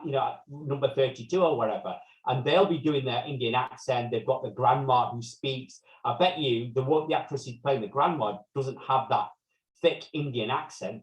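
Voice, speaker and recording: A man's voice: mid-range voice, far from the mic. Chatty man in his fifties. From south Manchester, England. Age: 50s. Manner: animated, long-winded storytelling with restarts. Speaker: podcast co-host. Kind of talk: casual chat among friends. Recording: roomy, off-mic sound.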